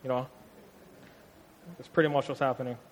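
A young man from Hawaii, preaching a casual, slang-filled sermon in a conversational, animated way. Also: medium pitch, normal speed. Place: church hall. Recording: long hall reverb.

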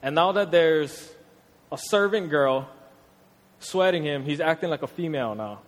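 A young man from Hawaii, preaching a casual, slang-filled sermon in a conversational, animated way. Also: fairly high pitch, a little slow. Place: church hall. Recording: long hall reverb.

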